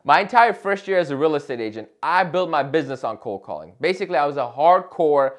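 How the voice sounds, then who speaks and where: A man's voice: on the high side, animated, fast. A young man talking straight to camera in an advice vlog, passionate and emphatic, often checking in with "right?". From Chicago area. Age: young adult. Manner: passionate, emphatic, talks loudly with frequent "right?". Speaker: real estate agent and vlogger.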